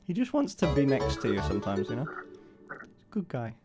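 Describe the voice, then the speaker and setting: A man streaming live, chatting casually and cooing to his puppy in a high, doting voice. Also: wildly swooping pitch, fairly quick, over music. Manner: coos to a puppy in a high baby voice.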